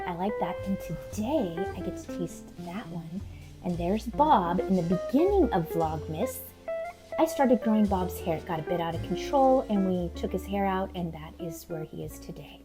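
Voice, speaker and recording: In her home kitchen, a middle-aged woman vlogger chats casually to camera, talking to herself and slipping into soft whispered asides. Her medium-pitched voice swings widely in pitch at normal speed, with music playing behind her.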